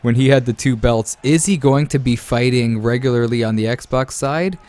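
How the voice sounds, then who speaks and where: A man giving casual, energetic commentary on a video game fighting tournament and hyping it up for his viewers. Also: mid-range voice, moderate pace.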